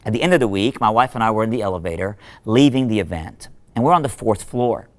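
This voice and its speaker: A man, a minister, giving a short devotional talk in an animated, conversational storytelling manner with lively asides. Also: fairly low pitch, fast. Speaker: minister and speaker.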